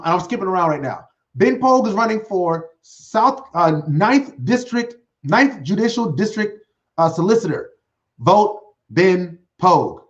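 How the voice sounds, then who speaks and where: A high-pitched man hosts his own livestream show, rambling with excitement and tripping over fillers and restarts. The sound is dull and lo-fi, from a computer webcam mic at a home desk. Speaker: host. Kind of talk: solo livestream talk show. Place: home desk setup with green screen.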